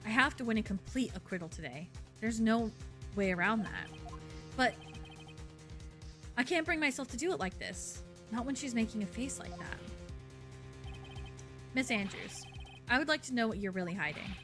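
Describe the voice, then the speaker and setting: A woman's voice: on the high side, very animated, moderate pace, pauses often, music in the background. A woman voicing a nervous young male defense lawyer in a game, who is flustered and stammers. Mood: resolved. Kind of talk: fan voice-over of a game's dialogue.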